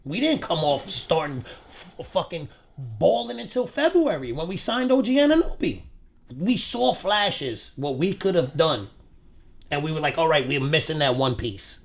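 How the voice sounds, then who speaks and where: This is a young man, chatting casually about sports as a podcast co-host. His pitch swings up and down, and his voice sits a bit high for a man. He swears freely and keeps reassuring his friend. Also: vocal fry. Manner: animated, profane, reassuring.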